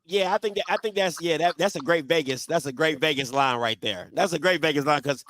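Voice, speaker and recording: A man's voice: fairly high pitch, brisk, fairly bright tone. A man hosting a sports talk show, debating football in an emphatic style and repeating his points.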